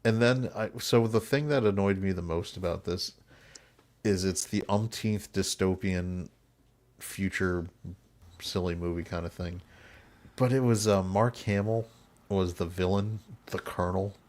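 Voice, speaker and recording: A man's voice: sits low, fairly even intonation, a little slow, darkish tone. A man hosting a podcast in casual chat, blunt and opinionated, often laughing. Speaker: podcast host.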